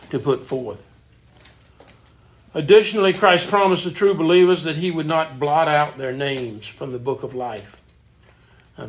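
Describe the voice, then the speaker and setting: A man's voice: a little high, a bit bright. A man leading a church Bible study in an earnest, emphatic teaching manner, often repeating words as he goes.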